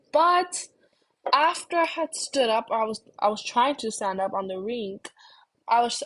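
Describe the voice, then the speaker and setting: Husky young woman rambling casually. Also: fairly high pitch, poor audio. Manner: rambling, self-deprecating, swears casually. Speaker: vlogger. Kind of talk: casual storytelling.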